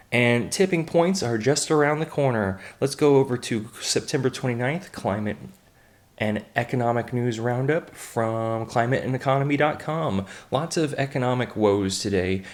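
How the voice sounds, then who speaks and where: The casual, fairly low-pitched American host of a daily online news roundup reads headlines and then tosses in blunt, offhand asides. He uses frequent fillers and restarts as he comments.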